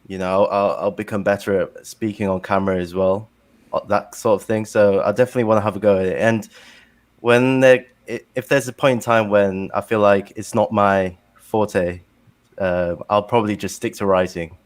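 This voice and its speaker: British guy, low voice, bit nervous, lots of uhs. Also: steady tone, normal speed. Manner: modest, a little nervous, hesitant with fillers. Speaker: guest. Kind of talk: casual chat.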